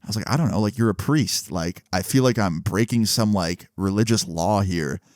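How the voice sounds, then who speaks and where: A man's voice: fairly low pitch, normal speed, darkish tone, no echo, clean studio sound. Laid-back young man telling a story. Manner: laid-back, slangy, laughs while telling. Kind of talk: casual storytelling.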